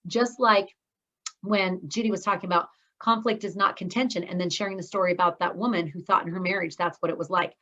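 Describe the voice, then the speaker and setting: A woman's voice: lowish voice, fairly even intonation, a little fast, bright, forceful tone. A middle-aged woman coaches a speaking course in an upbeat, encouraging voice. She talks straight to her students as she teaches. Her voice comes through a video call with slightly dull, lo-fi sound.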